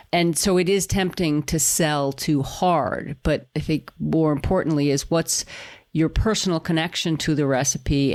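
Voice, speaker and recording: A woman with a very low voice co-hosts a podcast conversation. She talks things through in a thoughtful, reflective manner. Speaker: podcast co-host. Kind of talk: conversational interview.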